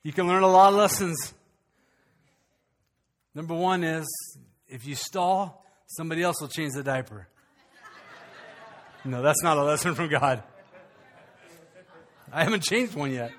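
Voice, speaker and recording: A man's voice: on the high side, unhurried, pauses often, a bit bright. An older man preaching a sermon as pastor, folksy and storytelling, rising to fervent, rhythmic preaching.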